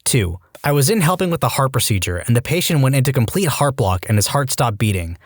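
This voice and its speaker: A man reading online stories aloud as a narrator, with a deadpan comic delivery. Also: mid-range voice, a little fast, no room sound, studio quality. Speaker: story narrator.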